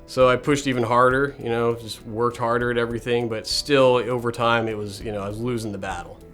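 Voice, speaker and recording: A man's voice: mid-range voice, fairly even intonation, brisk, fairly bright tone, faint music behind. Reflective man telling his story. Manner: reflective, conversational. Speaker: patient. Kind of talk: documentary interview.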